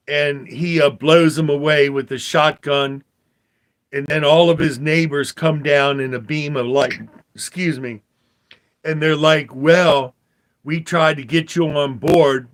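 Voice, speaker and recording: An older man delivers a meandering religious commentary monologue in a slightly high voice. He speaks at an unhurried, deliberate pace, circling back with fillers and repeated phrases. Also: fairly bright tone. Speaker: vlogger.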